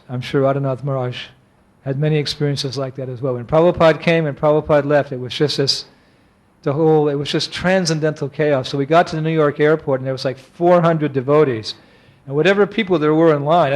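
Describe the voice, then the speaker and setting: A man, a monk, giving an animated, anecdotal lecture and chuckling often as he tells stories. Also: on the high side.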